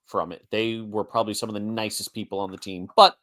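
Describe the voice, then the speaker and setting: A man's voice: lowish voice, level tone, quick pace, fairly bright tone. A man in his forties co-hosting a sports podcast, blunt and wry in casual chat. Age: 40s. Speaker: podcast co-host.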